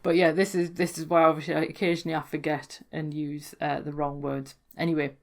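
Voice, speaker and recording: A woman's voice: low voice, level tone, brisk, a little mellow. Chatty Geordie woman explaining words. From North East England. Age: adult, worked in London before. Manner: chatty, amused, self-correcting. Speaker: folklore blogger explaining dialect. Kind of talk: casual educational talk.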